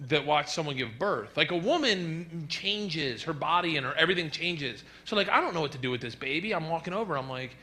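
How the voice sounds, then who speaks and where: A man's voice: on the high side, expressive, fairly quick, few pauses, bright, forceful tone, a little hiss or hum. A man performing a stand-up comedy set on a club stage, telling stories and acting out other people's voices.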